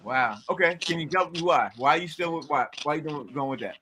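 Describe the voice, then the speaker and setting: A man's voice: on the high side, animated, a little fast, pushed and bright, slight background noise. A man hosting a casual sports talk show, easygoing and slangy, putting questions to his co-hosts. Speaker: podcast host.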